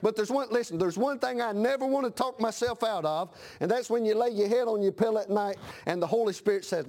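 A man's voice: sits high, fast talker, hardly any pauses, a little mellow. A middle-aged man preaching a folksy sermon, dropping frequent amens and acting out the voices of the people he talks about. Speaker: pastor.

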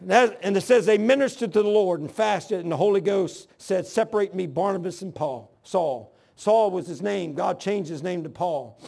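High, gravelly older man preaching. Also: moderate pace, few pauses, darkish tone. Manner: folksy, earnest storytelling with rough grammar. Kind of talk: sermon with personal testimony. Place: church.

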